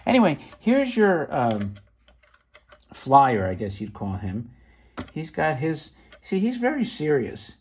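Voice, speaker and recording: A middle-aged man casually showing off vintage toys, chatty and excitable with rambling asides. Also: on the high side, slow, a little hiss or hum. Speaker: toy collector vlogger. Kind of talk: casual show-and-tell.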